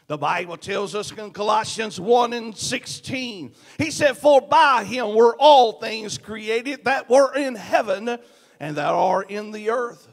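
A high-voiced man with a Southern US accent preaches from the pulpit, taking his time. His voice climbs from hushed prayer to ringing shouts, and the church's long reverb trails behind each phrase. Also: slow, vocal fry. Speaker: pastor. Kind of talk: sermon. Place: church sanctuary.

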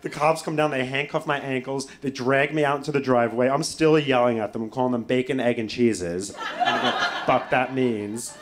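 A male comedian telling a story on stage in an animated way, swearing freely and breaking into impressions. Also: medium pitch, fairly quick, hardly any pauses, a crowd in the background. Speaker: stand-up comedian. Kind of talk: stand-up storytelling. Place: stage before a live audience.

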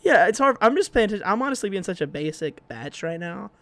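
A man's voice: high voice, big pitch swings, fast talker, fairly bright tone, no echo. A man hosting a music reaction video, joking, swearing and laughing often in casual chat.

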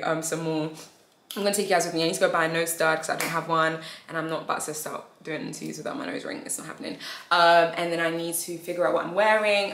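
A young woman, chatting excitedly on a phone camera at home as a vlogger, gushing and slangy. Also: on the low side. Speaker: vlogger and interviewer. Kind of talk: casual vlog chat. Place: at home, indoors. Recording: echoey room with background noise.

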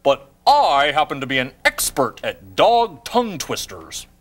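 A woman's voice: low voice, very animated, measured pace, heavy background noise. A woman voicing a boastful talking pet dog in a children's puppet show.

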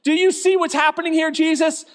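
Male pastor doing a frazzled, exasperated hostess, high and loud, ringing hall. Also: lively intonation, brisk. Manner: shrill complaining rant. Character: overwhelmed exasperated woman host, adult. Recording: long church hall reverb.

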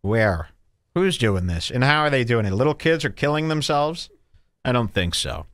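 Sarcastic male host, lively swooping pitch. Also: normal speed, no echo, studio quality. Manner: mocking, sarcastic, swings into put-on high voices. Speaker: podcast host. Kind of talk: provocative comedy podcast rant.

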